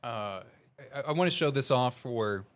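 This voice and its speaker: A man's voice: mid-range voice, animated, moderate pace, fairly bright tone, clear, resonant tone. A man from Missouri with a Southern Missouri accent, speaking as a meteorologist during live severe weather coverage. His delivery is urgent and conversational, and he reads updates aloud as they come in.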